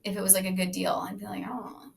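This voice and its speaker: A woman hosting a casual podcast conversation, asking curious questions and musing, sometimes dropping her voice very low. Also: monotone, very fast, creaky. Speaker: podcast host.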